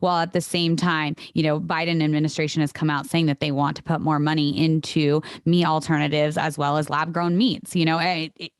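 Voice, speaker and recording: A woman's voice: sits low, flat delivery, a little fast, hardly any pauses, clean tone, no echo, studio quality. A woman talking casually on a video call, chatty, with many filler words.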